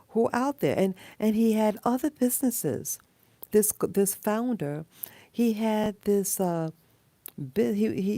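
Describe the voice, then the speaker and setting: A woman talking casually in a rambling monologue, pausing often with fillers and restarts. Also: on the low side, warm tone, no echo. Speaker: video blogger.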